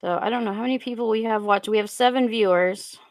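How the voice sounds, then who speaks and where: A young woman on a casual live stream, rambling and halting with lots of fillers as she reads out viewer comments into a USB desk mic. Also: on the high side, no room sound.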